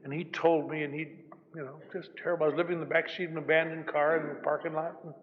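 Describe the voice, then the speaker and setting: A man's voice: a little high, level tone, fast. Older man telling a wry recovery story. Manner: wry, self-mocking storytelling. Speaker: recovery meeting speaker. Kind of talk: recovery meeting talk. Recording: dull old hall recording, faint hiss.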